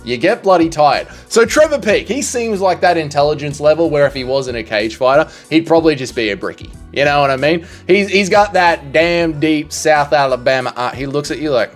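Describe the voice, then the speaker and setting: A man's voice: fairly high pitch, fairly quick, few pauses, faint music behind. A man giving a casual comedic monologue, joking and rambling with slangy asides. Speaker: tier-list commentator.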